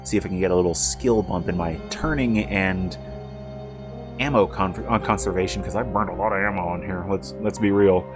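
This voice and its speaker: Over music, a man with a low-pitched voice talks fairly quickly while streaming a video game. His casual live-stream commentary is full of rambling, jokey asides as he plays.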